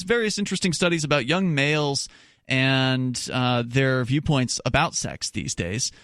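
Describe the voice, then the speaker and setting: A man's voice: a little high, fairly bright tone, no room sound, studio quality. A male radio talk show host reading news stories aloud and chatting with his co-host, with casual asides and restarts. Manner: conversational with frequent restarts and asides.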